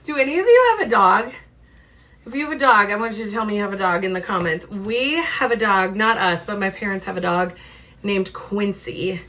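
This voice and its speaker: A young woman hosting a children's storytime from home, reading a picture book aloud in an animated, chatty way and asking her young listeners questions. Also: medium pitch, brisk.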